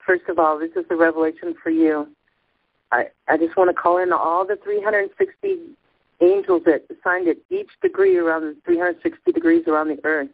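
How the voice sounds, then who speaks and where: Ecstatic woman caller, high lively voice with a gravelly edge, shaking with emotion, dry phone-line audio. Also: dry recording. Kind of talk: spiritual call-in chat.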